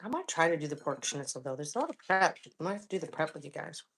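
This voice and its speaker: Cooking and eating on a livestream, this Florida woman in her forties keeps up relaxed, chatty talk and hums between bites. She speaks at a quick pace in a deep, creaky voice, with a little hiss or hum in the audio.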